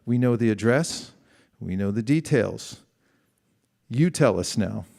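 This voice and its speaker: A man's voice: fairly low pitch, lively intonation, slow pace, gravelly, mellow. A middle-aged man giving a conversational sermon, asking the audience questions and acting out quoted exchanges. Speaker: spiritual teacher.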